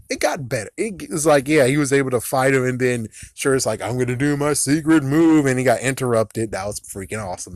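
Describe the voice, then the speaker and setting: A man chatting through a movie review in a casual, excitable way, laughing often and swearing now and then. His voice sits at an ordinary middle pitch. The sound is dry and close, with no room around it. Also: no echo.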